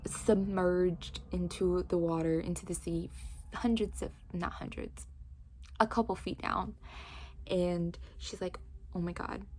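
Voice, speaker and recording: A woman recapping a book's plot in casual chat, telling it with lively energy and many fillers like "like". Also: on the low side, slight background noise. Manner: animated storytelling with frequent "like". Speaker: book reviewer.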